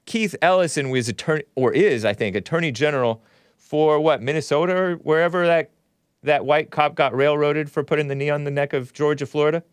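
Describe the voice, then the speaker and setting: A man's voice: fairly high pitch, fairly quick, clear, resonant tone, no room sound. A man hosting his own show, giving sarcastic commentary over news clips with mocking asides. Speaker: show host.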